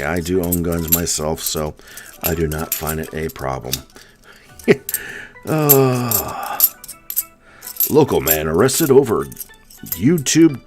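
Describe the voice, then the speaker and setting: A man from the US East Coast hosting a casual live stream, chatting and answering viewer comments one by one. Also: deep voice. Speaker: coin roll hunting live streamer.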